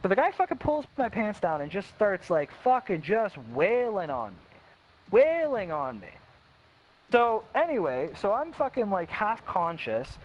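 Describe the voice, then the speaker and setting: A man's voice: sits high, sing-song. A young man telling a personal story in a blunt, casual way, swearing heavily and acting out quotes. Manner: blunt, heavy swearing, quick quoted voices, restarts. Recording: dull lo-fi with faint hiss.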